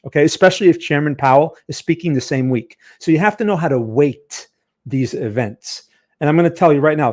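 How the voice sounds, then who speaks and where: New Jersey-accented man, fairly high voice, chatty live-stream trading teacher. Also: a little mellow. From Northern New Jersey, USA. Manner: chatty, talks to chat viewers. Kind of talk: live-stream market lesson.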